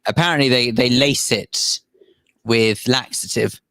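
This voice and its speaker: A man's voice: mid-range voice, a little slow, a bit bright, dry recording, low-quality recording. A man co-hosting a radio chat show who makes dry, mock-formal jokes. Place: radio studio.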